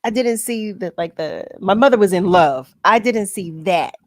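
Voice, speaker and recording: A woman's voice: medium pitch, animated, normal speed, no echo. A woman hosting a radio talk show, telling candid stories and laughing often in casual chat. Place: broadcast studio.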